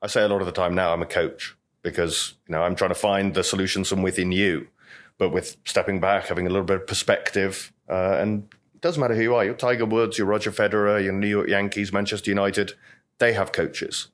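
Middle-aged bartender guest, rambling anecdotal storyteller, slightly low voice. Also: male voice, steady tone, fairly quick. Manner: chatty, anecdotal, lots of "you know". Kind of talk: storytelling interview talk.

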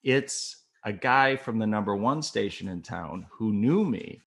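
An older man, a former TV news photographer and reporter, telling stories from his career in a casual, animated way and acting out the people in them. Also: lowish voice, unhurried. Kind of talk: casual anecdotal storytelling.

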